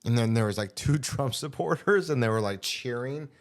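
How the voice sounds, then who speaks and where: Male podcast host, casual storytelling chat, animated and profane. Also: medium pitch, moderate pace. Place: studio.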